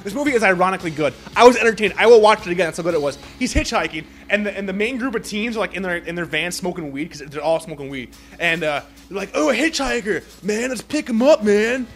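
Excitable high-voiced man ranting. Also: fast, few pauses, soft background music. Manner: excitable, profane, rambling movie recap. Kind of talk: casual chat.

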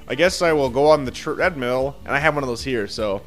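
A man's voice: mid-range voice, a little fast, a bit bright, faint music behind. A young man co-hosting a casual podcast, rambling with lots of fillers and swearing freely. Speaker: podcast co-host.

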